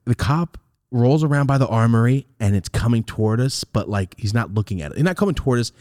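Here a young man tells a fast, profane podcast story, animated throughout and mimicking the people he quotes with big leaps in pitch. The recording is dry, with clean studio sound.

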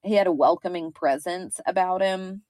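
Co-hosting a true-crime podcast, this Kentucky-accented woman in her thirties chats in a loose, rambling way full of filler words. She speaks at a normal speed in a fairly low, slightly mellow voice, recorded dry.

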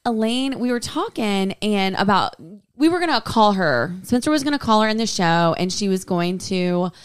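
A woman co-hosting a podcast, telling a story in an animated way with frequent laughs. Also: medium pitch, moderate pace, clear, resonant tone, no echo, clean studio sound. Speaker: podcast co-host. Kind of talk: casual chat.

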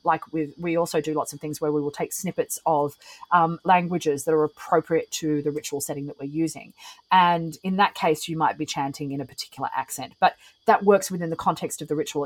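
A woman's voice: sits low, poor audio. A woman, a podcast guest who explains things thoughtfully with frequent ums. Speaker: guest, ritualist and singer. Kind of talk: casual podcast conversation.

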